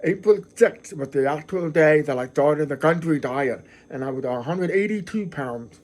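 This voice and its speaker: A man's voice: fairly high pitch, animated, moderate pace, darkish tone. A middle-aged man hosting his own vlog, talking casually to the camera in an earnest, effusive way, often repeating and restarting his words. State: emotional, near tears. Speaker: channel host.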